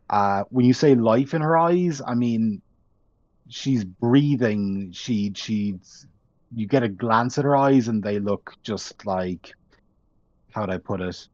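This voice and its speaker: Male game master, slow and halting, dry dull call audio. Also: on the low side, darkish tone, no echo. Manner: slow, halting, searching for words. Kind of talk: narrating a tabletop game.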